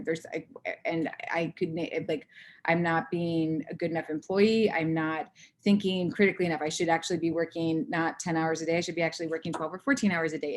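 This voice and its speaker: A woman in her thirties giving a candid personal talk to an audience, acting out her own inner voice in lively bursts. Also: low voice, slight background noise. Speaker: conference speaker.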